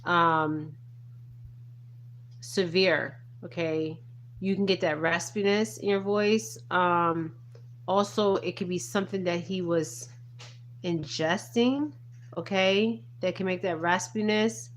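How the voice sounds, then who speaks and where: A low-pitched woman speaks in an earnest, emphatic way and checks in with "okay?" after nearly every point. It sounds like a casual spiritual commentary vlog with a faint hum underneath. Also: takes it slowly. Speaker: spiritual reader.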